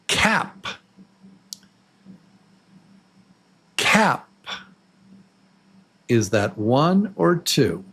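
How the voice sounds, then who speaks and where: Very slow-talking male English teacher. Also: mid-range voice. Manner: slow, exaggerated, drawn-out example words. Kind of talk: slow beginner pronunciation lesson. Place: Los Angeles.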